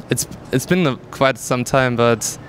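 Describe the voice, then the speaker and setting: A man's voice: medium pitch, slow, a little hiss or hum. A young man with a German accent, a pro gamer answering interview questions casually with many fillers and easy laughter at an event. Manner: candid, laughs easily, hesitant fillers. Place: busy gaming event venue.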